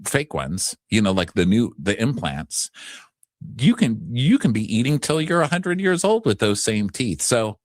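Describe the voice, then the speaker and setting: A man's voice: medium pitch, big pitch swings, a little slow, dry recording, clean studio sound. A man co-hosting a casual recap podcast, blunt and opinionated in his chat. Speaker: podcast co-host.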